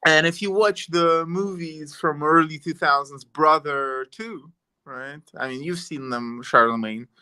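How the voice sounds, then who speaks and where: A man's voice: a little high, measured pace, pushed and bright, smooth. A man from Italy hosting a podcast, rambling in a loose, conversational way. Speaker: podcast host. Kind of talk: casual podcast chat.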